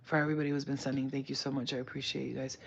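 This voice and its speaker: A woman's voice: rumbling low, level tone, very fast, gravelly, highs cut off, slight background noise. A woman chatting casually on a live stream, rambling, swearing and laughing often. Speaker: livestreamer.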